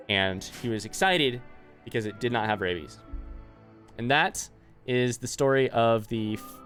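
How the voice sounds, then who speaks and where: A man streaming a game, telling a long anecdote in a rambling, animated way and turning aside to talk to his chat. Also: on the low side. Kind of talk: casual storytelling while streaming gameplay.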